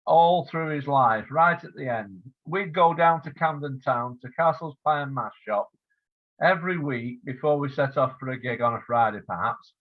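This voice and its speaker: An older English man, an author interviewed over a video call, telling stories in a relaxed, reminiscing way with fillers. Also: fairly high pitch. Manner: warm storytelling with fillers, acts out quoted voices. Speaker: author interviewed about his biography. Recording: phone-like lo-fi line.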